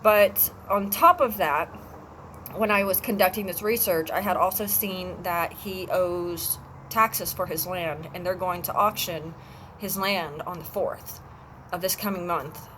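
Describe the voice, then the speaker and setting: Halting woman telling a personal story. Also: fairly low pitch, fairly bright tone, slight background noise, poor audio. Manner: halting, many fillers and restarts. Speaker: vlogger. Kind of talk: emotional personal vlog.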